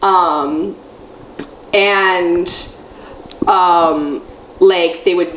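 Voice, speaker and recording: A woman's voice: lowish voice, fairly even intonation, extremely slow, fairly bright tone. Rambling young american woman. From United States. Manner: rambling, laughing, heavy use of "like". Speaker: podcast co-host. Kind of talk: casual chat. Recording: echoey room with faint noise.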